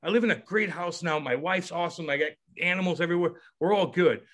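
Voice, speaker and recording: A former hockey player appears as a podcast guest and tells a story in a casual, animated way, swearing and acting out the voices of its characters. His voice is fairly high-pitched and fast.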